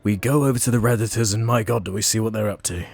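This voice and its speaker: A man's voice: lowish voice, quick pace, creaky, soft background music. A young man co-hosting a podcast, casual and jokey, laughing a lot and reading out listener questions. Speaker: podcast co-host. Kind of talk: casual chat.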